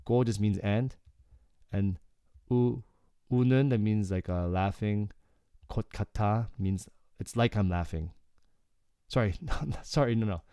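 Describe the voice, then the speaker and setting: A man teaching Korean through song lyrics in a relaxed, explanatory way, often checking in with "okay" and filling with "like". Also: on the low side, normal speed, clean tone, no room sound, clean studio sound. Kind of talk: casual lyrics breakdown lesson.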